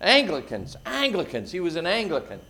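A middle-aged male pastor preaching a sermon, his delivery swelling loud and then dropping to a hush. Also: high voice, huge pitch swings, fairly quick, vocal fry.

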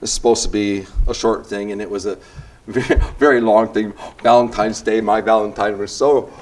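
A man's voice: lowish voice, fairly even intonation, moderate pace, a little mellow. An older man leading a church group session, talking in a casual, rambling way with restarts and self-deprecating asides.

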